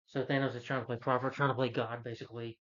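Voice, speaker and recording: A man's voice: mid-range voice, level tone, fast talker, a bit bright, muffled recording. A man casually recapping a film's plot, rambling with lots of fillers and self-corrections. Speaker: film reviewer.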